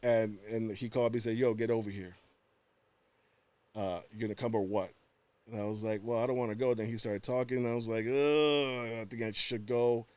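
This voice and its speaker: A man chatting casually as a podcast guest tells a story about himself, acting out the other people's voices with animation. His pitch is fairly low and he goes a little fast.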